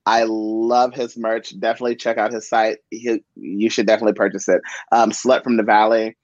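A man co-hosting a podcast, chatting casually about soap operas in animated, emphatic bursts. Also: lowish voice, fairly quick, dry recording, muffled recording. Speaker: podcast co-host.

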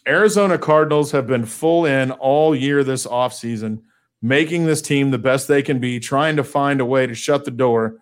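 A man's voice: medium pitch, normal speed. A man co-hosting a casual sports podcast, posing questions in a conversational way. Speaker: podcast co-host.

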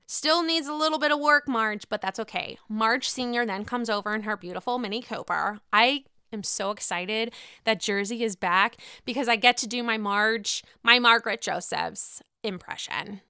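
A woman's voice: a little high, moderate pace, sharp tone, clear, resonant tone, no echo, clean studio sound. A young woman hosting a casual, profane, gossipy recap of a reality show, full of gasps and exclamations.

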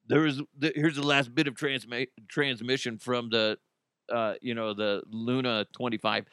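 This middle-aged podcast host, a bit under the weather, rambles through a casual news show, cracking jokes, swearing freely and laughing at himself. His medium-pitched voice is smooth, fairly bright and steady, with a measured pace and frequent pauses. The sound is clean studio audio with no room sound.

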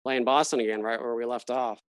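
A man hosting a casual sports podcast, chatty and quick to laugh, often trailing off mid-thought. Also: medium pitch, steady tone, clear, resonant tone, dry recording. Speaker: podcast host. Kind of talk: casual chat.

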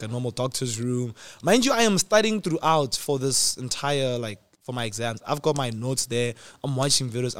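A man in his twenties telling a personal story in casual chat, animated, acting out quotes with sudden jumps in pitch and loudness. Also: no echo. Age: 20s. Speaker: host.

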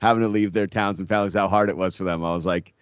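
A man co-hosting a sports podcast, rambling and animated with many filler words in casual chat. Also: low voice, racing, clean tone, dry recording, studio quality.

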